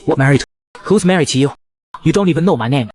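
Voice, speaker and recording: A man's voice: fairly high pitch, animated, quick pace, darkish tone, lightly acted. A man voicing a small, frightened young male sea snail who complains indignantly. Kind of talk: comic recap narration.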